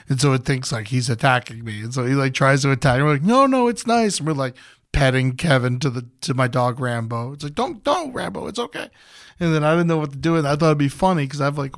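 A man's voice: medium pitch, dry recording, studio quality. A young adult man telling a long story in a loose, casual way, swearing freely and rambling through restarts. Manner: loose and profane, jumps into loud hype-man shouting when retelling. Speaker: podcast host.

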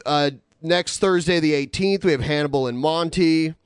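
A man's voice: a little high, normal speed, smooth, dry recording, studio quality. A man hosting a casual podcast, rambling through announcements and reading donation messages aloud with lots of filler words. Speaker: podcast host.

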